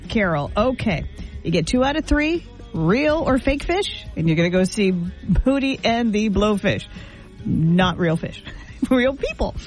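A female morning-show host talks in loose, giggly banter, her pitch bouncing all over. A faint music bed runs under her voice. She runs a phone-in contest and chats with her co-host. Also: lively intonation, a little slow, a little mellow. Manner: laughs often, chatty. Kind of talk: casual radio banter.

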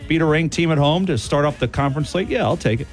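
A man's voice: on the high side, fast, faint music behind. A man from the American Midwest hosting a casual sports radio talk show, telling stories and laughing often. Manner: animated storyteller, laughs often.

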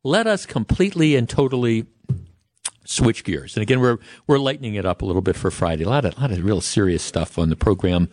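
A man's voice: fairly low pitch, expressive, fairly quick, darkish tone, no room sound, studio quality. A middle-aged man from Wisconsin hosting a radio talk show, rambling chattily with many restarts. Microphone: studio microphone.

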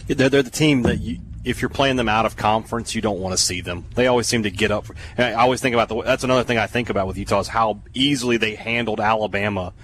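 A man's voice: fairly low pitch, fast talker, few pauses, fairly bright tone. Male sports radio co-host on a remote line, casual and rambling, faint background noise.

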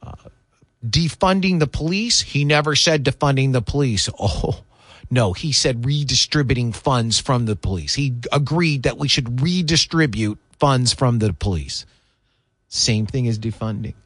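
A man's voice: medium pitch, animated, a little slow, a bit bright, no echo. A man hosting political talk radio, delivering opinionated commentary in an indignant, emphatic way. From United States.

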